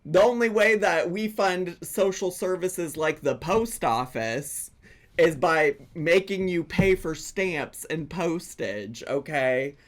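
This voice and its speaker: A man's voice: fairly high pitch, slow. A man hosting a reaction video, giving sarcastic commentary and laughing often between his remarks.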